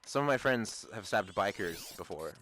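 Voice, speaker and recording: A man's voice: fairly low pitch, animated, moderate pace, fairly bright tone. A young man chatting casually while gaming, rambling through a story with frequent swearing and laughter. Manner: rambling, profane, laughs often. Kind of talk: casual chat.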